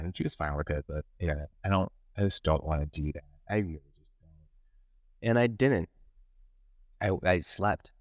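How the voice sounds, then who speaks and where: A man's voice: low-pitched, moderate pace, long pauses, no room sound. A man hosting his own podcast, talking casually and candidly, rambling with many restarts. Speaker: podcast host. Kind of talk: casual solo podcast monologue.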